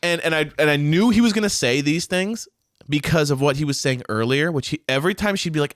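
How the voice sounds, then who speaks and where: A man's voice: a little high, fast, no room sound, clean studio sound. A man co-hosting a podcast, chatting casually about a reality show and acting out quotes in put-on voices. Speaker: podcast co-host. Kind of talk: casual reality TV recap chat.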